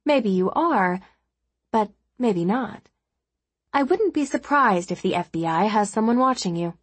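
A woman voicing a blunt, sharp-tongued woman lawyer in a storybook reading, frank and scolding. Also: medium pitch, expressive, a little slow, husky, no room sound.

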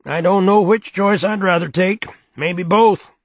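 A man's voice: sits high, measured pace, no room sound, pitched above the performer's own voice. A man voicing a big, heavy washerwoman who is scornful and blunt, gossiping heavily in a raised voice.

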